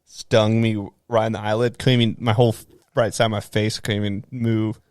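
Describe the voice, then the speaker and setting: A man's voice: fairly low pitch, level tone, a little fast, darkish tone, smooth, no echo, studio quality. A young man co-hosting a podcast in casual chat, loose and laughing, with lots of fillers and swearing. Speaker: podcast co-host.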